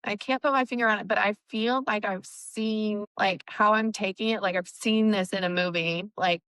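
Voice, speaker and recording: A woman's voice: mid-range voice, fairly even intonation, moderate pace, fairly bright tone, clean tone, no echo, rough recording. Rambling, blunt woman chatting about a book. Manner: rambling, filler-heavy, blunt jokes. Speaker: podcast co-host. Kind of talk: casual book discussion.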